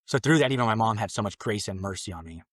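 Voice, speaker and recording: A man's voice: fairly low pitch, animated, fast, fairly bright tone, slightly rough, no room sound, clean studio sound. A man in his late twenties, a podcast guest telling his personal conversion story in an earnest, loose conversational way. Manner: earnest, loose and conversational, acting out his own past thoughts.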